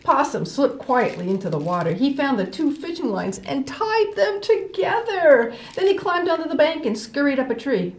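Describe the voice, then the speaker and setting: An older woman reading a folk tale aloud as storyteller host, animated with playful asides. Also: sits high, moderate pace, hardly any pauses. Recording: roomy echo.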